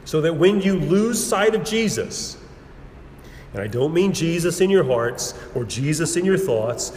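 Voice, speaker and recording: A man preaching a sermon in a measured, emphatic way, building repeated phrases and pausing for effect, recorded in a church sanctuary. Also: a little high. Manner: measured, emphatic preaching with repetition and dramatic pauses. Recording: roomy hall with long reverb and faint background noise.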